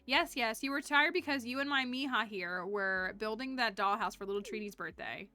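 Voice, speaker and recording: A woman voicing a warm, doting middle-aged single mother who scolds fondly and uses Spanish endearments. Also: fairly high pitch, fairly even intonation, fast talker, soft background music. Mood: fond scolding. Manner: affectionate, sprinkles Spanish endearments.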